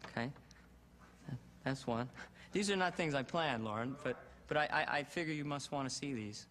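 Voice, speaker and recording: Bright-voiced man chatting at an audition. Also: mid-range voice, normal speed. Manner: self-deprecating, hesitant with ums. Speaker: auditioning comedian. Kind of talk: audition patter.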